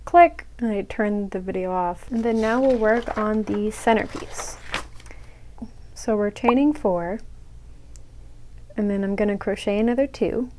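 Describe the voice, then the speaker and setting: A young woman casually teaches a crochet pattern step by step, speaking at a measured pace with long pauses. Her mid-range voice has a warm tone, though the audio is poor with slight background noise. She chats freely, makes self-mocking asides, and whispers when muttering to herself.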